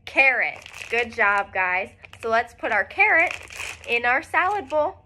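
Slow, bright-voiced woman teacher. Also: on the high side, very animated, slight background noise. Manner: slow, clear, encouraging teacher talk with frequent praise. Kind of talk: recorded phonics lesson for young children.

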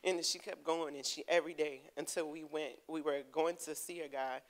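A woman giving a heartfelt personal testimony to her church, earnest and quick to laugh. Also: sits low, low-quality recording. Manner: earnest, laughing, breaks into excited storytelling. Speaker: congregation member giving testimony. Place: church sanctuary.

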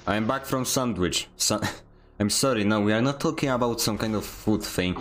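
A young man streams a game, rambling, joking at his own expense, and laughing often as he plays. His voice is lowish and a bit bright, at a moderate pace, with slight background noise behind it.

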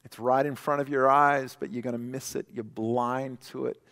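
A male pastor preaching a sermon in a conversational way, stumbling and restarting, then dropping soft and quiet for scripture. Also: medium pitch, steady tone, moderate pace. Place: church sanctuary. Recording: long church hall reverb.

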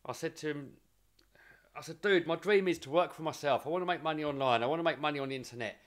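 A man's voice: a little high, quick pace. A young adult man vlogging, telling a motivational story casually and earnestly, often repeating words as he builds momentum.

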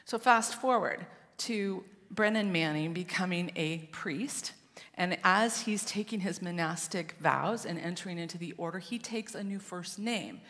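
A woman pastor preaching a sermon as a story, swinging between loud passages and hushed ones, recorded in a church sanctuary. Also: lowish voice, long reverb tail.

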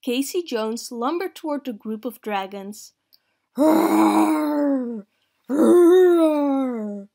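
A woman reading a children's picture book aloud in a slow, clear, expressive way. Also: a little high. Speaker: storyteller.

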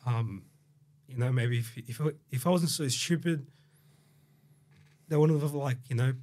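A man with an Australian accent, raised there after a Brazilian childhood, tells his story as a podcast guest. He rambles, swears freely and leans on fillers, in a voice of ordinary middle pitch. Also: measured pace, a little mellow. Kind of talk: casual storytelling interview.

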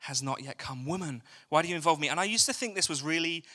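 Speaking quickly in a slightly high, bright and pushed voice, a young English preacher keeps his evening church-hall sermon chatty, cracking jokes and putting questions to the crowd.

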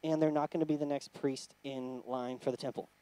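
A man's voice: medium pitch, steady tone, dark tone, smooth, dry recording, pitched below the performer's own voice, lightly acted, poor audio. A man voicing a young boy who hesitantly delivers bad news. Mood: nervous. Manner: hesitant, halting.

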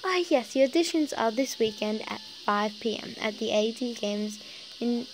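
A woman doing a brisk male studio receptionist. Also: a little high, noisy background, lightly acted. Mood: businesslike.

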